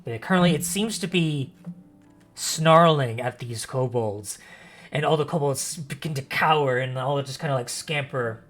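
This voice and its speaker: A man narrating a tabletop game as game master, expressive and pausing often to correct himself. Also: medium pitch, faint music behind. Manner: expressive narration with frequent self-corrections and fillers.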